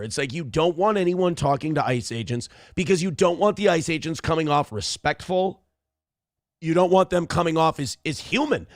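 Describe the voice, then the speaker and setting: Guy ranting on his morning show, gravelly voice, swings up and down a lot, dry room. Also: on the high side, dry recording. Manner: blunt, ranting, swears often. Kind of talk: profane political commentary.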